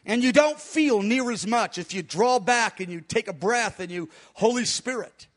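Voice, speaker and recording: A man preaching and teaching on prayer, a fast, hard talker who speaks emphatically and breaks into quick laughs. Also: high voice. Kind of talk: sermon-style teaching.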